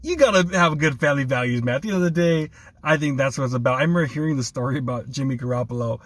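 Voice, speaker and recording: A man's voice: mid-range voice, rapid-fire, dry recording. A man hosting a casual sports chat, laughing often and talking with enthusiasm. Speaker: sports podcast host.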